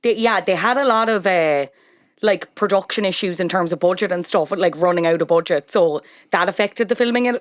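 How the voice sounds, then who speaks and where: A woman's voice: on the low side, fairly quick, no echo, studio quality. A woman hosting a podcast, chatting casually and asking her guest follow-up questions. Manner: encouraging, asks follow-up questions. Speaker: podcast host.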